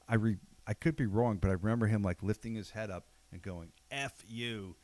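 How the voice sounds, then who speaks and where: Low-voiced man telling fight stories. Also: fairly even intonation, fast talker, warm tone, no room sound. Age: middle-aged. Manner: conversational, storytelling with quoted asides. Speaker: podcast host. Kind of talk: casual chat.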